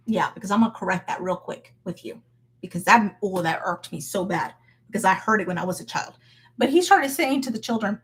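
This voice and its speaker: A woman with a slightly husky, fairly high voice gives a casual faith talk. Her pitch swings widely as she speaks frankly and expressively, often breaking into laughter. It sounds like a devotional talk delivered straight to her listeners. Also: expressive, fairly quick, a bit bright.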